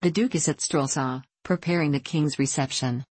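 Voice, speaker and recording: A talkative, headstrong old landlady from a storybook, read by a woman in a low, dry voice. She runs on about her opinions and scolds freely. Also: moderate pace, darkish tone, slightly rough, no echo. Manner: outspoken and scolding. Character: garrulous stubborn old female innkeeper.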